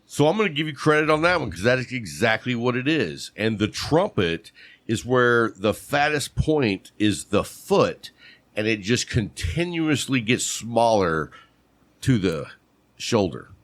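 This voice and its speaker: With a medium pitch and big pitch swings, a man speaks unhurriedly, no echo, while co-hosting a casual podcast chat. Playing quizmaster, he tests his partner on terms and shouts "bam" at right answers.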